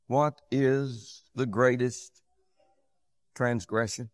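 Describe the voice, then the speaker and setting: A male preacher gives a dramatic sermon very slowly, with fairly even intonation overall. His voice swells loud and high, then drops low and quiet. The recording is close and dry, with no echo.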